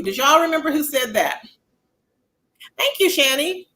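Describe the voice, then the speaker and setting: High, bright-voiced sassy woman streamer. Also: expressive, a little slow, poor audio. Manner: sassy, chatty, reads chat comments aloud. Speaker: livestream host. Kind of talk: casual livestream commentary.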